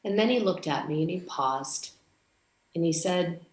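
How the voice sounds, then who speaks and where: A woman's voice: lowish voice, expressive, measured pace, echoey room. A woman from Canada giving a conference speech, telling a story and acting out the dialogue. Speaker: conference speaker.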